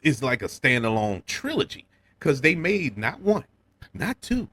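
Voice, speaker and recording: A man's voice: medium pitch, a little slow, husky, no echo. A man from New Orleans with a local accent, giving a casual film review on his podcast, chuckling and stumbling over repeated words. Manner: animated, repeats words when restarting, chuckles often.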